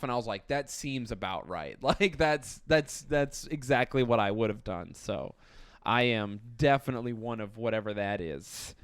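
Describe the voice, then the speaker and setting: A man's voice: medium pitch, a bit bright, smooth, no echo. A young man co-hosting a comedy podcast, swearing, laughing and rambling through stories in casual chat. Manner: crude, laughing, rambling storyteller. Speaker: podcast co-host.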